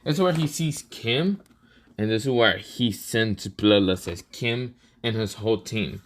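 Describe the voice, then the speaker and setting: A man's voice: on the low side, unhurried. A man casually narrating a fan-made story, rambling along with many fillers and restarts.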